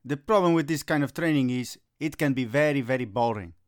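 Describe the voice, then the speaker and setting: A man's voice: mid-range voice, fairly quick, dry recording, clean studio sound. A middle-aged man playing a youth soccer coach in a comedy sketch, given to gloomy melodramatic rants that flare into agitated Italian curses.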